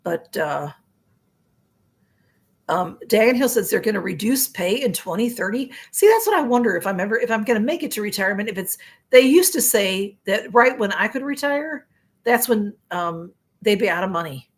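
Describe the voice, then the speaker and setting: A middle-aged woman with a Chicago accent hosts a live stream in a casual, rambling chat, reading out viewer comments, her voice going a little hoarse. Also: medium pitch, animated, moderate pace. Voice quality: rambling, chatty, with frequent fillers and restarts. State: voice getting hoarse.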